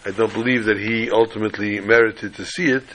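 A bright-toned man, clear and forward in his voice, leads a class over a video call. He tells a story in an unhurried way and drops in corny jokes as he goes. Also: lowish voice, steady tone, slight background noise, low-quality recording. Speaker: rabbi teaching a class.

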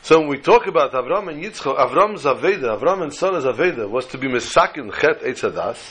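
A man teaching a Torah class, telling a story and drawing slow, emphatic lessons from the text. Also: fairly high pitch, lively intonation, fairly bright tone, breathy edge, poor audio. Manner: storytelling, acting out dialogue with slow emphatic phrases.

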